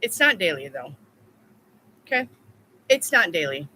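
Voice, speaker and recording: A woman's voice: lowish voice, very animated, measured pace, sharp tone, breathy edge, poor audio. A woman reading tarot in a casual live stream, telling stories bluntly with plenty of swearing. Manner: blunt, profane storytelling. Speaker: tarot reader.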